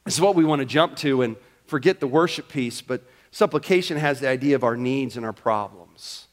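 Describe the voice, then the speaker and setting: A man's voice: mid-range voice, a little fast. A man pastor preaching a sermon in a church, emphatic and acting out prayers and quoted talk.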